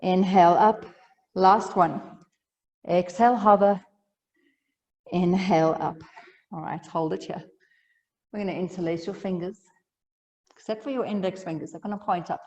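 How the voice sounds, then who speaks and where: A woman teaching a yoga class, giving calm cues with light humor and sounding a little out of breath. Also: on the low side, normal speed, pauses often, in a large hall, highs cut off. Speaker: yoga instructor.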